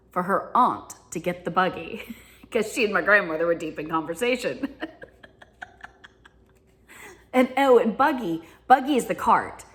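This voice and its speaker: A woman's voice: medium pitch, a bit bright. A woman with a Southern US accent, telling casual stories and laughing often as she talks. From Southern United States. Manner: giggly, laughs often while talking. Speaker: vlogger. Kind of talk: casual storytelling monologue.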